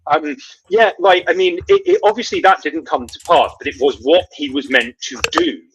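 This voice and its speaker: A man's voice: on the high side, normal speed, background noise. A man hosting a live political commentary show, talking in a sardonic, rambling way with lots of fillers and restarts.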